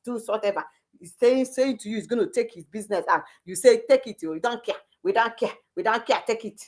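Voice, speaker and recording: A woman's voice: mid-range voice, a bit bright. A middle-aged woman delivers a heated, scolding monologue. She repeats phrases and stumbles through restarts as she presses her point. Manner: heated, repetitive, scolding, with frequent stammered restarts. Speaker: political commentator. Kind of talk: impassioned monologue.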